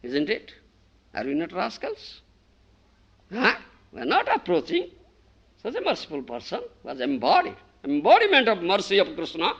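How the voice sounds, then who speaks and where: A man's voice: sits high, huge pitch swings, moderate pace, creaky, long pauses, fairly bright tone, breathy edge, dull audio. A man preaching a devotional sermon as a spiritual teacher, emphatic and often asking if listeners understand.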